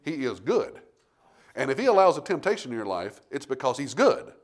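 Lively folksy preacher man. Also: medium pitch, brisk. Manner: folksy storytelling preacher, rising to forceful emphasis. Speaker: pastor. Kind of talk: sermon.

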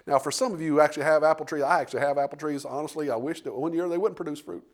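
A man's voice: on the high side, fairly even intonation, rapid-fire. A man preaching a sermon to a church congregation. He asks rhetorical questions, acts out the dialogue of the story and repeats words as he builds his points. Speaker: pastor. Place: church sanctuary.

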